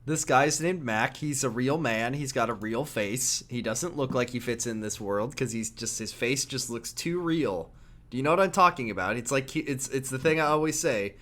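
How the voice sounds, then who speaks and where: A man co-hosting a podcast, chatting casually about a video game and acting out characters' lines in quick put-on voices. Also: mid-range voice, animated, a bit bright. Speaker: podcast co-host.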